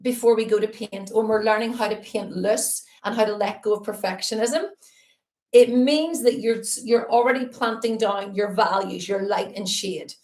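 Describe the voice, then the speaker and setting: A woman's voice: medium pitch, normal speed, a little mellow. A woman teaching a live-streamed painting lesson, chatty and upbeat as she greets viewers between steps. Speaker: art teacher. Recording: roomy echo.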